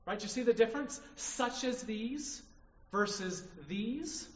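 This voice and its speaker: A man preaching a sermon, emphatic, often checking in with the congregation by asking "right?". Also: sits high. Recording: distant, echoey hall, dull sound.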